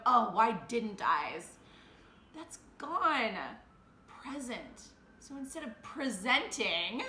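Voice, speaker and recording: Bright, emphatic woman in her thirties. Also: fairly high pitch. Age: 30s. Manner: emphatic, swings between fast excitement and slow hushed emphasis. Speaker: podcast host. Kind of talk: motivational monologue. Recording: roomy echo.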